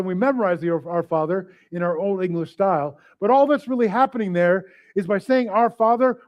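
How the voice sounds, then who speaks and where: A man's voice: high voice, dull audio. A man preaching a sermon as pastor, casual and joking, often acting out little voices and asides. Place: church service.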